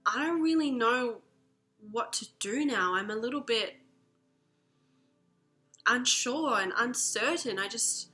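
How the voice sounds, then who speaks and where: A woman's voice: fairly high pitch, animated, takes it slowly, long pauses, pushed and bright, faint music behind, exaggerated voice. A woman voicing a driven young female rugby player who speaks in eager, breathless exclamations. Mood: lost.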